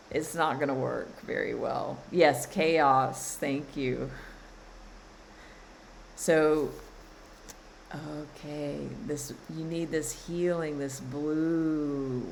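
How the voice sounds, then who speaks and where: On a live stream offering spiritual guidance, a woman who coaches and reads cards talks forcefully, says things again and again, and laughs a lot. The recording is low quality with a bit of hiss or hum, and her voice is low.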